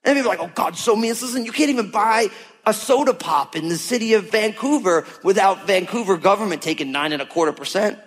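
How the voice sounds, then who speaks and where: Preaching a little fast with lively intonation, a high-voiced male pastor speaks to his congregation casually yet emphatically. He slips into quoted voices for God and the listeners to make his points, while a long reverb suggests a large church hall.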